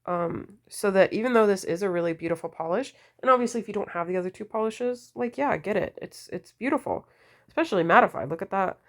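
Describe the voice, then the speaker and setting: A woman vlogger chatting casually about nail polish, gushing and full of fillers, her voice deepened and a bit slurred from a cold. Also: animated, fast. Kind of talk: casual wishlist chat.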